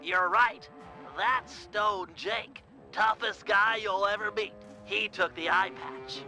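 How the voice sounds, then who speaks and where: A man's voice: sits high, expressive, takes it slowly, creaky, pushed and bright, full character voice. A man voicing a nerdy, cautious male turtle sidekick in a video game, fussy and instructive. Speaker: game character. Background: game music.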